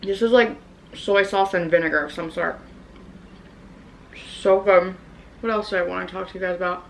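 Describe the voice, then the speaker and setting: A woman's voice: lowish voice, fairly even intonation, moderate pace, gravelly, slight background noise, rough recording. A young woman vlogger in a casual mukbang, chatting and rambling while she eats, in her apartment. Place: apartment room in New York.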